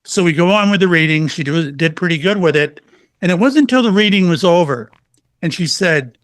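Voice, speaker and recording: A man's voice: sits high, brisk, no room sound. A middle-aged man, a psychic medium guest, telling stories in a casual interview and acting out the quotes. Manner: animated storyteller, acts out quotes.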